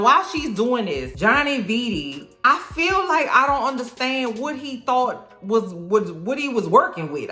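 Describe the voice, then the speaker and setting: A woman's voice: medium pitch, bright, forceful tone. A woman recapping a TV episode in casual, slangy, sassy talk that keeps checking in with "okay?". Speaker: TV recap vlogger. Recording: echoey room with faint music.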